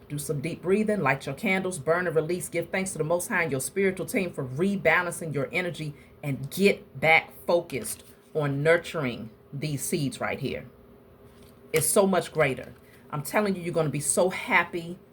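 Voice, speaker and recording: A woman giving a casual tarot reading to her viewers, talking emphatically and in a preachy way straight to them, with a husky voice. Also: low-pitched, fairly bright tone, slight background noise. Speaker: tarot reader.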